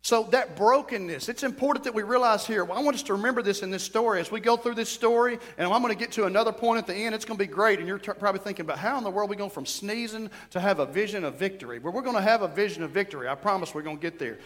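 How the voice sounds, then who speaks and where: A middle-aged man preaching a sermon, telling stories in an animated way, with sudden bursts and drops. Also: high voice, racing, hardly any pauses. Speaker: pastor. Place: church sanctuary. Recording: reverberant church hall.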